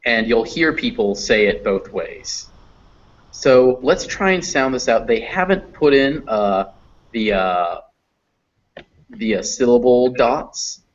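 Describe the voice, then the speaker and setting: A man's voice: mid-range voice, animated, takes it slowly. Patient man teaching pronunciation, lo-fi. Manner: patient, explains step by step. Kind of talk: online class teaching. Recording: dull lo-fi audio.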